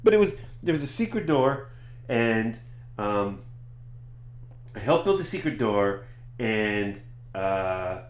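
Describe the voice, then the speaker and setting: A man voicing an excitable, forgetful male builder who repeats himself in a shrill, rising voice. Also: slow pace, long pauses, echoey room. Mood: excited.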